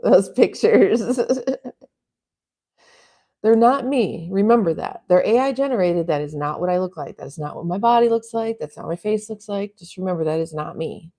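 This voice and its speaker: Brief: chatty stream host, woman, rambling and relaxed, low warm tone. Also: normal speed. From US West Coast. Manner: rambling, chatty, laughs often. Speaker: livestream host reading chat. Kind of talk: casual live chat.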